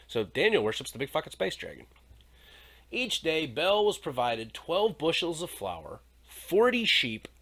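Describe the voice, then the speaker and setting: A man's voice: on the high side, fairly bright tone. Irreverent, jokey male podcast host. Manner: irreverent, jokey, swears freely. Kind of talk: casual discussion.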